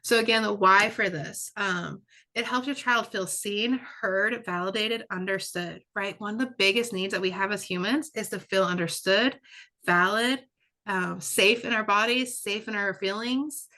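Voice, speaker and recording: A female presenter and curriculum developer gives a webinar lecture in a conversational style, frequently checking in with "right?" and repeating words for emphasis. Her medium-pitched voice is bright and forceful, at a moderate pace.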